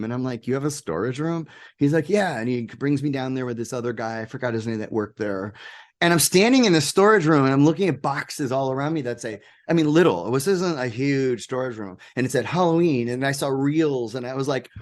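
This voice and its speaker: A man of middling pitch tells stories as an interview guest. He talks excitedly and animatedly, with many ums and restarts, in an easy, conversational way. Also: brisk. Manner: excited, animated anecdotes with frequent fillers. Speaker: guest, game producer. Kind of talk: casual interview storytelling.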